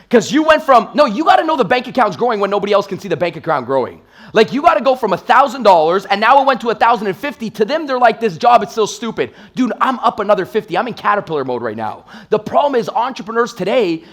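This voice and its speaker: Man in his thirties, from Toronto, sales trainer on stage, high voice, rapid hype delivery. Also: fairly bright tone. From Toronto, Canada. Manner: intense, hype-driven storytelling with acted-out quotes. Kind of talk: energetic motivational stage talk. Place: stage in a live event room.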